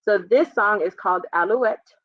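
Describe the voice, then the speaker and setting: A woman's voice: medium pitch, normal speed, no echo, lo-fi sound. Cheerful woman reading a children's storytime. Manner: gentle, encouraging, reads aloud then explains simply. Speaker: children's librarian.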